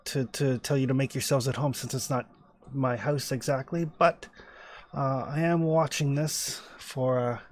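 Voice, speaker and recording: A man's voice: mid-range voice, fairly even intonation, a little slow, natural voice. A man voicing a courteous, hesitant male house-sitter in his forties, in his own voice with many fillers. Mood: polite. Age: 40s. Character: polite middle-aged male house-sitter, academic type.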